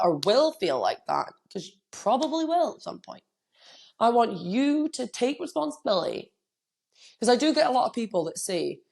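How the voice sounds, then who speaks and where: A woman's voice: medium pitch, a little mellow. A middle-aged woman with a cold, hosting a solo podcast as a coach and speaking candidly and emotionally into a microphone. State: has a cold, coughing.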